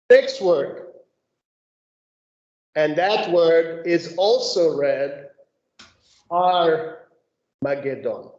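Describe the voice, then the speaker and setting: Slow-spoken woman teaching Bible study. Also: lowish voice, darkish tone. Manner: slow, methodical explaining, checking in with "okay?". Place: room with a study group. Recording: echoey room, dull lo-fi sound.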